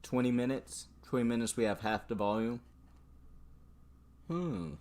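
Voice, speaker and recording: A man's voice: medium pitch, unhurried, darkish tone. A young man from Arizona giving casual, profane live stock trading commentary, with frequent laughing asides.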